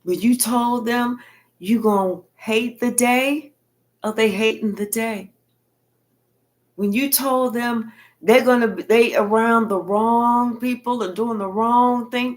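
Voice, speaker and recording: A woman giving a casual tarot reading in her own voice. She talks bluntly and colloquially and swears often. Her voice sits a little above average in pitch. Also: steady tone, slow pace. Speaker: tarot reader.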